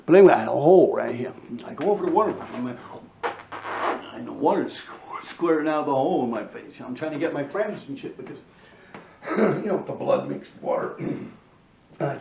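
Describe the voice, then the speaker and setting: A man, telling profane street stories to camera and clearing his throat often. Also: mid-range voice, expressive, a little fast, warm tone, slight background noise. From New York. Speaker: vlogger telling life stories. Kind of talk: casual storytelling to camera. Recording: roomy, distant, dull-sounding.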